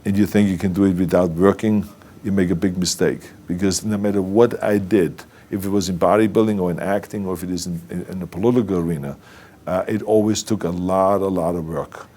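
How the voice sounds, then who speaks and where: Man, German accent, native German speaker, emphatic motivational delivery, lowish voice. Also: steady tone, brisk, dark tone. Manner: emphatic, heavily accented, sometimes restarting words. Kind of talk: motivational speech and interview.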